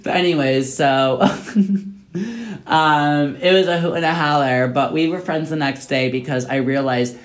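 A young man, a tipsy podcast co-host, telling a rambling, animated story full of swearing. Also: on the high side, measured pace. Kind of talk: casual storytelling chat.

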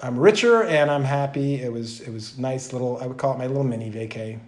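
A man's voice: medium pitch, fast talker, roomy sound. A man co-hosting a casual comedic podcast, telling stories with lots of laughter and acted-out quotes. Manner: animated storyteller, laughs often, acts out quoted people. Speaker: podcast co-host.

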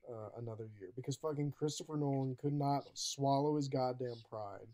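A man's voice: medium pitch, fairly quick. A young man co-hosting a casual podcast chat, rambling and swearing freely as he talks through a list. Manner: rambling, profane and animated. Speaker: podcast co-host.

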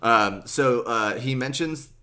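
A young man, a podcast host, casually retelling a book and acting out the characters' lines in quick asides. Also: medium pitch, sharp tone.

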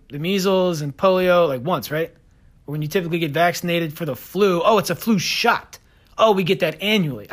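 Combative high-voiced man ranting. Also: a bit bright. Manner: combative, sarcastic, fast-talking. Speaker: podcast host. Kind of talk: opinionated solo podcast rant.

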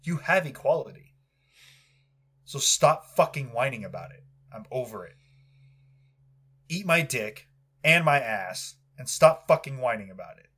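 A man's voice: medium pitch, sing-song, measured pace, pauses often, sharp tone, slightly rough. A young man on a podcast giving an angry, profanity-heavy rant with aggressive, heated delivery. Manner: heated, aggressive, swears constantly.

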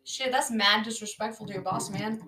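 A woman's voice: moderate pace, sharp tone. A woman co-hosting a casual podcast, reacting bluntly and swearing freely as they mock a movie. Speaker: podcast co-host. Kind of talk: casual movie-riffing chat. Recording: echoey low-quality room audio.

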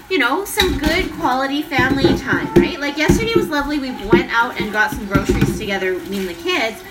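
A woman's voice: a little high, distant mic, heavy background noise. Chatty mother vlogging in her kitchen. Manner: chatty, rambling with many fillers. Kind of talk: casual vlog monologue. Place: home kitchen. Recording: home recording a bit away from the mic, loud kitchen clatter. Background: dishes and cutlery clattering.

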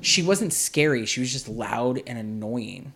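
Male podcast host, mid-pitched, lively, sarcastic film reviewer. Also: unhurried, gravelly. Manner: sarcastic, exasperated. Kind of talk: casual film review chat.

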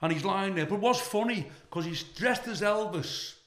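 Here a middle-aged UK comedian, on as a guest, recounts a profane anecdote in a high voice at normal speed. He brings energy to it, acting out the people he describes.

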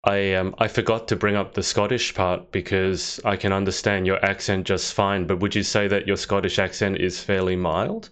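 Deep-voiced man hosting a chat. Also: little pitch movement, normal speed, hardly any pauses, a bit bright, clear, resonant tone. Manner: friendly, chatty, a little hesitant. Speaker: interview host. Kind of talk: casual interview chat. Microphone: video call.

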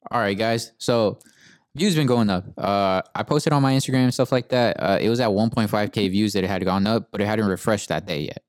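Low-voiced young man ranting casually. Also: brisk, no echo, clean studio sound. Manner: profane, laid-back, says "bro" often. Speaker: podcast co-host. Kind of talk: casual storytelling rant.

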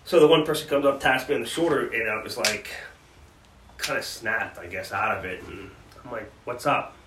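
With a medium-pitched voice at normal speed, a male co-host earnestly relates hard memories during a podcast conversation and restarts often. The audio is roomy, captured by a distant mic, with faint background noise.

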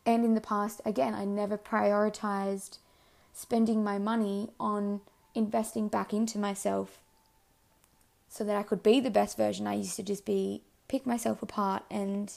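Hoarse young woman rambling earnestly. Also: mid-range voice, a little mellow. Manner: rambling, earnest, many fillers. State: losing her voice, hoarse. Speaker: podcast host. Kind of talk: casual reflective monologue.

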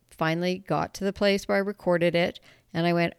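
A woman's voice: on the low side, fairly even intonation, fairly quick, creaky, clean tone, dry recording, clean studio sound. A woman hosting her own podcast, talking candidly and animatedly in a casual solo monologue, laughing often and swearing now and then. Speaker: podcast host.

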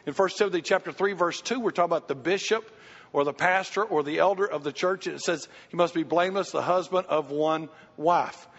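A man's voice: fairly high pitch, brisk. An older man, a pastor answering questions from his congregation and telling stories with acted-out voices. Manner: animated storytelling, acts out quoted voices. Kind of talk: church Q&A teaching. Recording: muffled hall recording.

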